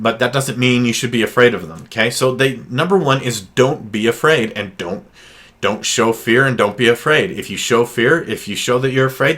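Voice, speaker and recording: A man's voice: mid-range voice, a bit bright. A counselor, a man, giving casual advice on handling difficult people, with many fillers and restarts.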